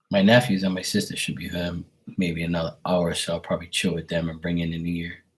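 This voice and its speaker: A man on a live stream at home, greeting viewers by name in a relaxed, affectionate way. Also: low-pitched, brisk. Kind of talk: casual live-stream chat.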